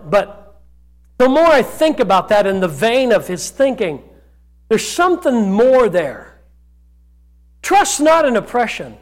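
A male pastor preaching a sermon to his church, breaking into shouts and then dropping to quieter scripture reading. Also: very high-pitched.

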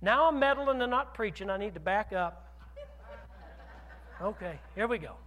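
A man preaching a sermon as pastor, telling a personal story with animated swings from loud declarations to hushed asides. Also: high voice, measured pace, in a large hall.

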